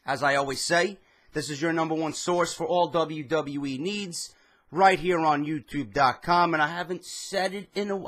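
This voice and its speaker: Swearing New guy, bright tense voice. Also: fairly high pitch, normal speed. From New York. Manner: heated, swears constantly, storytelling rant. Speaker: wrestling commentary vlogger. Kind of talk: profane ranting monologue.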